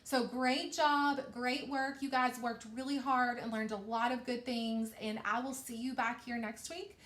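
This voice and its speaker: A woman teacher giving a recorded reading lesson to young children, talking slowly and encouragingly. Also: on the high side, level tone, a bit bright. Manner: slow, patient, encouraging teacher talk. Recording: echoey room.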